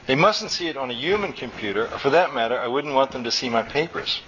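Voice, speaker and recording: A man reading aloud and voicing a stubborn, agitated middle-aged male engineer who explains things in a rapid, insistent rush. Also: medium pitch, expressive, natural voice. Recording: dull recording with faint room noise.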